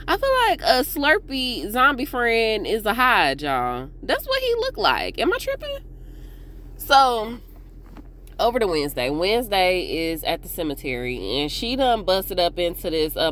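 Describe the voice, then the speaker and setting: A woman hosting a casual TV episode recap, chatting to viewers in a slangy, animated way. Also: on the low side. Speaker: TV recap host.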